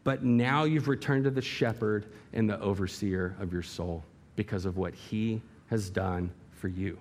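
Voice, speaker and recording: A man's voice: on the low side, unhurried, darkish tone, a little hiss or hum. A male pastor preaching a sermon in a church hall, emphatic and full of rhetorical questions and vivid illustration.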